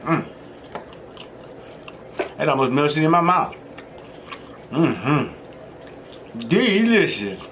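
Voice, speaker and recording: A man's voice: a little high, very animated, very slow, long pauses, background noise. A man chatting casually while cooking and eating on his vlog, full of slang. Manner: laid-back slangy chatter, sing-song hype chants. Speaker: mukbang vlogger.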